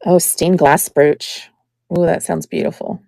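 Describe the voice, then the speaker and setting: Slow-talking woman with a gravelly edge. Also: lowish voice, steady tone, mellow, no echo, clean studio sound. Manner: chatty, admiring, unhurried. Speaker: live jewelry seller. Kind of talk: live-stream sales chat.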